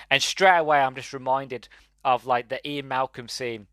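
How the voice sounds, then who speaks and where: A man's voice: medium pitch, steady tone, normal speed, fairly bright tone, no room sound. A man hosting a podcast, reviewing a movie in a rambling, exasperated way with laughing asides. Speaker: podcast host. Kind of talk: casual solo movie review.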